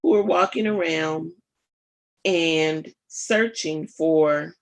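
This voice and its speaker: A woman hosting a live radio show, giving political commentary in an emphatic, rhetorical way and speaking straight to her listeners, with pauses and fillers as she thinks aloud. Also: low-pitched.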